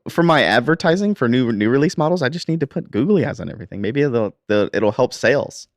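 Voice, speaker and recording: A man's voice: mid-range voice, animated, fast talker, dry recording, clean studio sound. A man hosting a live stream, chatting in an easygoing way and laughing often. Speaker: stream host. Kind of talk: casual livestream chat.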